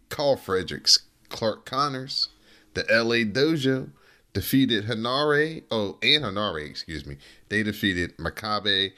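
A man's voice: fairly low pitch, pushed and bright, clear, resonant tone. A man hosting a casual wrestling podcast, reading results and joking with his co-hosts in a laid-back way. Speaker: podcast host.

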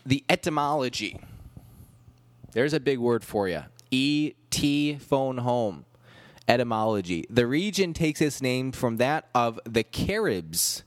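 A man's voice: mid-range voice, big pitch swings, a little slow, dry recording. A man hosting a comedic solo podcast, rambling through wry, self-deprecating asides. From United States. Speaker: podcast host.

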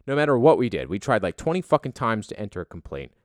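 A man's voice: on the low side, sing-song, fast talker, no room sound, studio quality. Profane, exasperated young man ranting. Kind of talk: casual storytelling rant.

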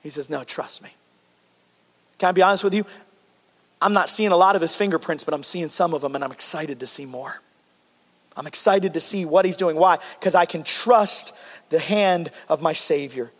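High-voiced pastor preaching in a reverberant hall. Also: male voice, moderate pace. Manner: impassioned, swings from loud emphatic peaks to hushed tender lines. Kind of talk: sermon.

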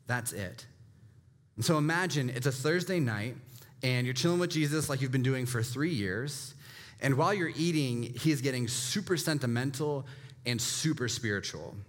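A pastor in his thirties delivers a sermon in a relaxed, conversational way, often checking in with his listeners. On key points he drops his voice low and quiet.

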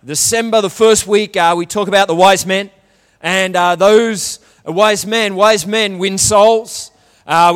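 A man preaches in a chatty, conversational way, with frequent restarts and questions tossed to the congregation. His voice sits high for a man. A long reverb from the church hall trails behind every phrase. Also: a bit bright. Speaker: pastor. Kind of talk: sermon.

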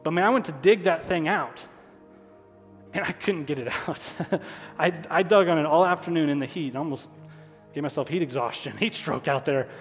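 A man's voice: fairly high pitch, moderate pace, faint music behind. Preaching man in a reverberant hall. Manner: emotional, stops to apologize and regroup; repeats key phrases for emphasis. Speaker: pastor. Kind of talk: sermon.

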